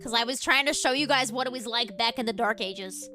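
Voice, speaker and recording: A woman's voice: a little high, brisk, pushed and bright. A young woman hosting a casual livestream, chatting in a rambling way that often trails off. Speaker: streamer host. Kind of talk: casual livestream chat and reaction.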